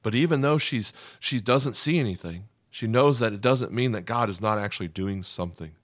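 A man's voice: lowish voice, a little fast, dry recording, clean studio sound. A man preaching a sermon as a pastor, earnest and emphatic, often checking in with "okay?".

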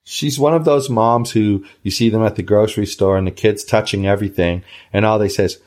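A middle-aged man hosting a podcast, chatting casually in an easygoing, measured way. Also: fairly low pitch, darkish tone. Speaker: podcast host.

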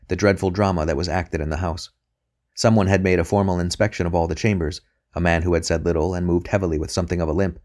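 A male audiobook narrator with a deep, low-pitched voice. He reads in a measured, even manner, keeping a steady pace through the prose.

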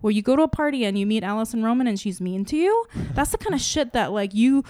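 A woman's voice: fairly high pitch, big pitch swings, fast talker, a little mellow, no echo. A woman in a loose podcast conversation, talking in long run-on thoughts packed with "like" and self-corrections. She swears freely and voices her own inner questions. The sound is dry and close to the mic. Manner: rambling, full of "like" and restarts, swears freely. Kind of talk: casual chat.

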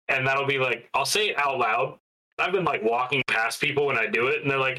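A man's voice: medium pitch, lively intonation, a little fast, bright, forceful tone, rough recording. A man co-hosting a podcast in casual chat, easygoing and wry, often acting out voices of people in his anecdotes. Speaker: podcast co-host.

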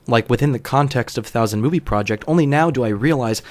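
A man's voice: medium pitch, fast, dry recording. A young man hosts a podcast and tells a personal story from his school days. He is wry and self-deprecating and swears casually. His voice sits mid-range, recorded dry and close. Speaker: podcast host.

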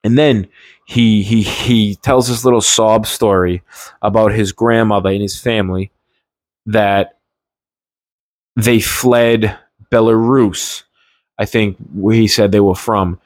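A man's voice: on the low side, steady tone, slow pace, pauses often, no echo. A man giving a heated, indignant political rant in a casual, rambling way, often restarting his sentences. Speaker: political commentator.

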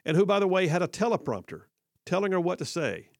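A man's voice: high voice, sing-song, quick pace, no room sound, studio quality. A man hosting a talk radio show, delivering an emphatic, sarcastic opinion monologue that repeats for effect.

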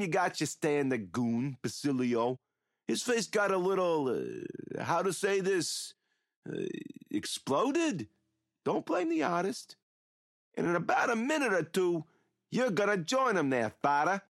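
An actor playing a rambling, mocking killer who taunts a captive priest in an audio drama. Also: male voice, high voice, wildly swooping pitch, unhurried, gravelly, a bit bright, no room sound, studio quality, heavily acted. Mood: taunting.

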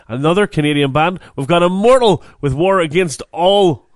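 A man's voice: a little high, moderate pace, hardly any pauses, no echo, clean studio sound. A man hosting a radio music show, joking and rambling with plenty of fillers. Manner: jokey, rambling, with many fillers. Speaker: radio host. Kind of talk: casual radio banter.

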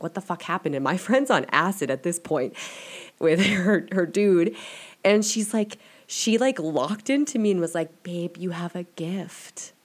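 A young woman hosts a podcast in a low voice, telling personal stories in a loose, confessional way. She peppers her talk with "like" and swears freely. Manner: chatty, frequent "like" fillers, swears freely. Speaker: podcast host. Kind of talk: casual confessional storytelling.

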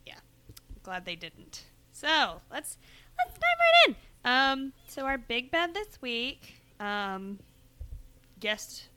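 Her voice sits on the high side, sharp in tone yet smooth. A young podcast co-host, she chats casually, giggling and wandering off track with plenty of restarts.

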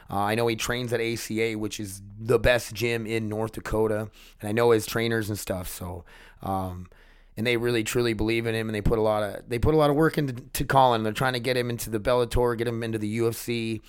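Rambling, excitable man vlogging. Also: mid-range voice, clear, resonant tone. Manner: rambling, excitable, swears freely. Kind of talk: casual chat to camera.

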